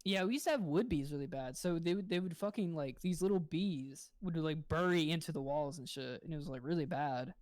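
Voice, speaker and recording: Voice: medium pitch, fairly quick, few pauses, darkish tone, dry recording, clean studio sound. A podcast co-host rambling through casual stories, giggling and swearing offhandedly. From grew up in a log cabin. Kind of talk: casual chat.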